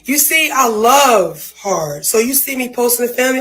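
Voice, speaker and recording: A woman's voice: fairly high pitch, expressive, normal speed, fairly bright tone, slight background noise, low-quality recording. A woman in an emotional, profane, casual rant about family, often saying "you feel me" and near tears. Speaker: sister speaking out.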